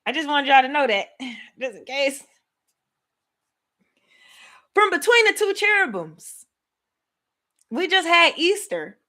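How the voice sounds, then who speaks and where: A woman hosting a livestream Bible study, teaching in an excited, casual way and talking straight to her viewers. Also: high voice, a little slow. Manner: animated, laughing, talks to viewers as y'all.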